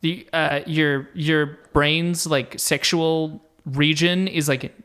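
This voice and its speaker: Low-voiced woman podcast host, chatty and crude, rambles a bit. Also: steady tone, slow pace, fairly bright tone. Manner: chatty, laughs easily, crude jokes, rambling explanations. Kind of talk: casual comedic chat.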